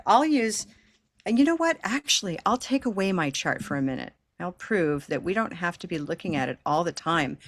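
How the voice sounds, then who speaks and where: Woman, pronunciation teacher on a video call; patient, encouraging, lowish pitch, dry sound. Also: no room sound. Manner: patient, encouraging, models long held vowels. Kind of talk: online class teaching.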